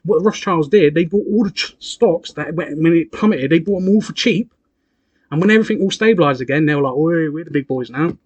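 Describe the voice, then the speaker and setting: A man's voice: fairly high pitch, fast talker, dry recording, lo-fi sound. A young man, rambling and arguing in casual podcast chat, swearing and dropping as he goes. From United Kingdom. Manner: rambling, swearing, slangy, argumentative. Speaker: podcast co-host.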